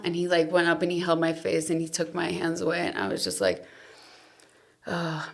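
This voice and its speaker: A woman in her thirties, a podcast guest, candidly telling an emotional personal story, often dropping to a soft, trailing voice. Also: fairly low pitch, moderate pace, gravelly. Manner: emotional, confessional, trails off softly.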